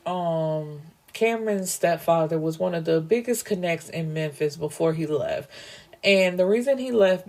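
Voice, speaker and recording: A chatty woman book reviewer with a somewhat low voice, retelling a novel's plot in a casual, lively way. She slips into the characters' dialogue and drops frank asides along the way.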